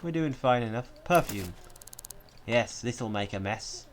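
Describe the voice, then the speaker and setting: A young man narrates his gameplay at an unhurried pace, teasing and mock-threatening the characters on screen. He swears freely and keeps a joking tone, with a faint hiss of noise under his voice. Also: mid-range voice, lively intonation. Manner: playful, mock-menacing, swears a lot. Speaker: gaming YouTuber. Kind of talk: gameplay commentary.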